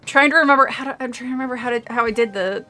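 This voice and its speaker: Bright-voiced woman rambling through a read-along. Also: a little high, rapid-fire, soft background music. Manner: rambling, with frequent tangents and laughs. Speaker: streamer reading a horror novel aloud. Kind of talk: casual chat mixed with reading aloud. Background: faint movie audio.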